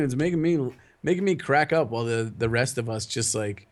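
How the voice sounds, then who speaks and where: A man's voice: mid-range voice, brisk. Giggly rambling male podcast co-host. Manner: laughs often, rambling with fillers. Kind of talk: casual chat.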